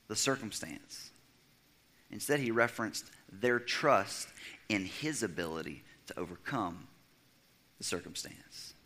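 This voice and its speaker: A young adult man preaching a sermon, swinging from loud, emphatic stretches down to a hushed near-whisper. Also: medium pitch. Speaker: pastor.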